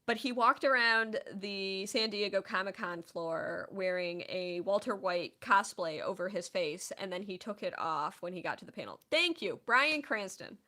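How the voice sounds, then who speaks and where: A woman in her thirties hosting a casual chat stream, telling stories in an animated, chatty way. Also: medium pitch, moderate pace, hardly any pauses. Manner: chatty, animated storytelling with laughs.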